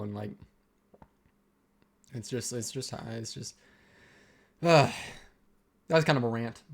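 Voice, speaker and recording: This young man's voice is medium-pitched and creaky as he vlogs a relaxed personal rant. His delivery is halting and rambling, full of restarted sentences.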